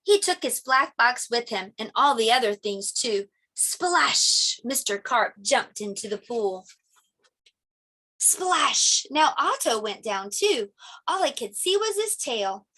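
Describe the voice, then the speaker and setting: Slow, lively middle-aged woman teacher reading aloud. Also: on the high side. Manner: animated storytelling with sound effects. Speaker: preschool teacher. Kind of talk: reading a picture book aloud.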